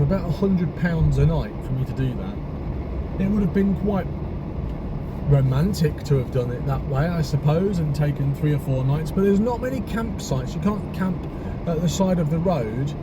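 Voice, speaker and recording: A travel vlogger muses and rambles aloud while driving. His voice sits a little high for a man. Heavy engine and road noise rumble under everything he says. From Britain. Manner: chatty, rambling musings to camera. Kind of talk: casual vlog chat. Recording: loud car and road noise. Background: loud road and engine noise.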